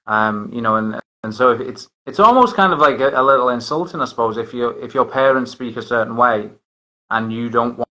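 A man's voice: mid-range voice, brisk, sharp tone, low-quality recording. A man hosting a casual chat, rambling with many restarts and fillers. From northern England. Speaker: host.

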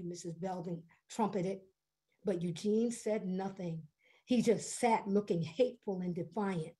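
A woman storyteller telling a story to families in an expressive, unhurried way. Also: medium pitch, husky.

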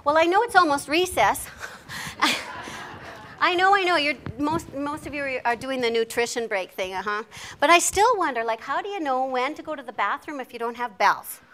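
A middle-aged woman giving a lively, chatty workshop talk to teachers, joking at her own expense. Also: high-pitched, normal speed, a little hiss or hum. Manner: lively, chatty, self-deprecating, with laughs. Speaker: literacy presenter.

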